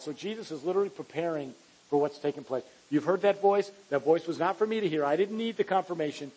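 A male pastor preaching with earnest emphasis, sometimes stumbling and restarting his phrases. His voice sits a bit high and sounds husky and slightly breathy. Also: fast, darkish tone, poor audio. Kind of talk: sermon.

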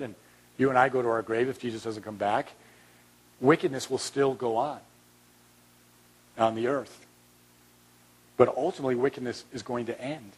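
Husky-voiced man preaching a sermon. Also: medium pitch, rough recording. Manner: earnest, swings from loud to hushed; repeats words when restarting. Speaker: pastor.

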